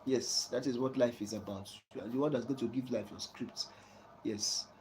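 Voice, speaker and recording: Casual host, warm and mellow, chuckling preachy advice, faint background hum. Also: male voice, mid-range voice, normal speed, poor audio. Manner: preachy, repeats "you understand?" often; soft chuckles between points. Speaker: channel host giving life advice. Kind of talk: casual advice talk to a viewer.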